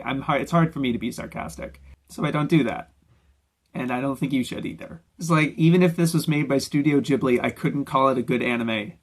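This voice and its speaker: A man's voice: mid-range voice, creaky, husky. A man giving unscripted, ranting commentary on anime videos, swearing often and mocking others in put-on quotes. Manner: ranting, profane, mocking impressions.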